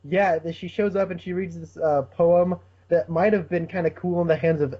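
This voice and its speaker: A man's voice: a little high, steady tone, moderate pace, highs cut off. A man co-hosting a podcast, talking casually and wryly about a TV episode. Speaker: podcast co-host. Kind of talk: casual TV discussion.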